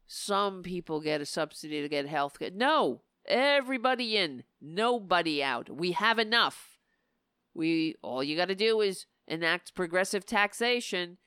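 A woman hosting a live political talk stream, speaking in impassioned, emphatic bursts and sounding a little hoarse. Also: mid-range voice, fairly bright tone, no room sound, studio quality. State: losing her voice. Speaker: political talk show host.

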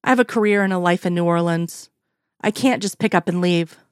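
Frank, strong-willed woman, read by a woman, lowish voice, dry. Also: brisk, clean tone, dry recording, natural voice. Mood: firm. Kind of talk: fan fiction read aloud.

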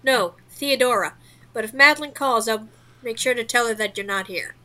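A woman's voice: fairly high pitch, normal speed, sharp tone. A woman voicing a sardonic female bartender with dry, cutting remarks. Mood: sarcastic.

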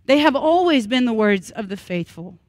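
A woman's voice: fairly high pitch, normal speed, no echo. Earnest woman pastor in her thirties preaching. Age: 30s. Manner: earnest, with lively humorous asides. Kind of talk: sermon. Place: church worship service.

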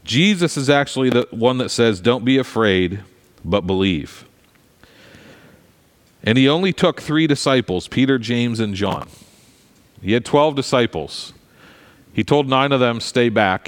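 A pastor giving a sermon in a conversational, animated way, with frequent asides to the congregation. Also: male voice, mid-range voice, moderate pace. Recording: long hall reverb.

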